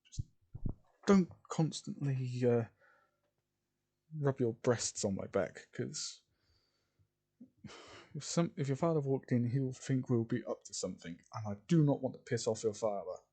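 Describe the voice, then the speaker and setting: A man's voice: mid-range voice, unhurried, pauses often, warm tone, breathy edge. A man voicing a sarcastic, exasperated young man in an improvised fan story he narrates. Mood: flustered. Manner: sarcastic, sighing.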